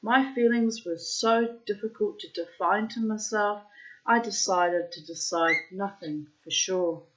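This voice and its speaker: A woman reading a literary short story aloud in first person, with slow, measured narration. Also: medium pitch, fairly bright tone, muffled recording. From child of migrants. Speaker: reader.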